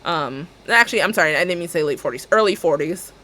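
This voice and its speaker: A woman's voice: lowish voice, animated, quick pace, bright, forceful tone. A woman streamer chatting casually while she plays a game. She tells rambling stories and acts out both sides of each conversation. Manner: chatty and rambling, with frequent fillers and self-corrections.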